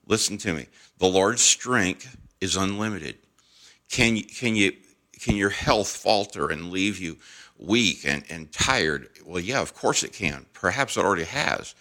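Deep, bright-toned devotional podcast man. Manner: earnest, encouraging, repeats phrases with shifting emphasis.

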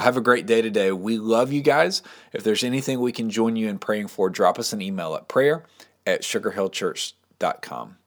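A man's voice: lowish voice, fairly bright tone. A man as pastor, giving a short, upbeat and encouraging devotional message in a casual, conversational way.

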